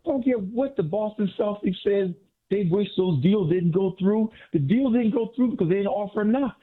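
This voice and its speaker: A man calling in to a radio show, talking in an excited, animated way with lots of repetition. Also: sits high, moderate pace, slightly rough. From Miami area. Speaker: caller. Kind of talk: excited call-in chat. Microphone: phone. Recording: tinny phone line.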